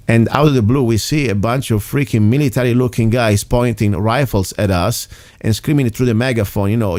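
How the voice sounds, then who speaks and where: A man's voice: on the low side, a little mellow, dry recording. A man with an Italian accent hosting a political talk radio show, speaking emphatically with frequent restarts and sounding a bit tired. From Italy. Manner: emphatic, rambling, restarts often. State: tired and irritated.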